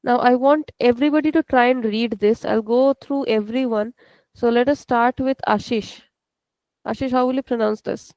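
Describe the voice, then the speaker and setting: A woman with an Indian English accent teaches a class over a video call. She explains patiently, step by step. Her voice is a touch high, with a gravelly edge, and the sound is dry and close. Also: fairly even intonation, moderate pace, darkish tone, no room sound, poor audio. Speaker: language teacher.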